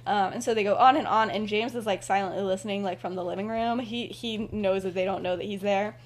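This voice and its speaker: A woman casually retells a fan story on a podcast, rambling with plenty of "like" and "um" and dropping into soft, low asides. Her tone is steady and her delivery brisk.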